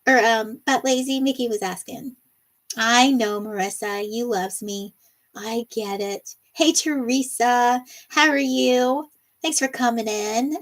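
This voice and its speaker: A woman's voice: on the high side, slow. A middle-aged woman hosting a casual livestream, reading viewer comments aloud and laughing often in a bubbly, chatty way. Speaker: livestream host.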